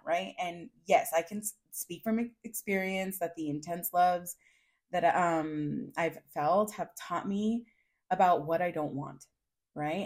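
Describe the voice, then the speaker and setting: A woman's voice: on the low side, darkish tone. A woman hosting a solo podcast, talking to listeners in a candid, chatty way, laughing through her lines and swearing casually. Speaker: podcast host.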